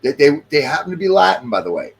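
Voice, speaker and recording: A man's voice: a little high, big pitch swings, fast talker, vocal fry, noisy background. A middle-aged man in casual chat, talking emphatically and repeating his points.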